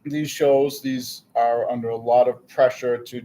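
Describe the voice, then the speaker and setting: A man in a casual podcast chat answers questions in an easygoing way, thinking aloud with plenty of fillers. His pitch sits in a typical middle range. A light hiss sits under the recording. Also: steady tone, a little slow, mellow, low-quality recording. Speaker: podcast guest.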